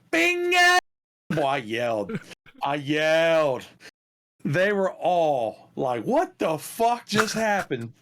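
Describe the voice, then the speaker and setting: A man in his thirties telling a story on a podcast, loose and animated, with crude language and frequent laughter. His voice sits a little higher than most men's. He keeps the tone chatty and unpolished. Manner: animated, profane, laughs through his stories. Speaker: podcast co-host. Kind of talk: casual storytelling chat.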